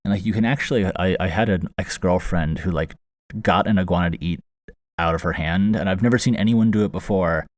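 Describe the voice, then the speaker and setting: A man's voice: low voice, a little fast, dry recording. A man hosting a podcast, telling a funny story casually with fillers and restarts, recorded close in a small foam-lined box. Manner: rambling, amused, many fillers and restarts. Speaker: podcast host. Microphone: close studio mic inside the box. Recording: very dry, close booth sound.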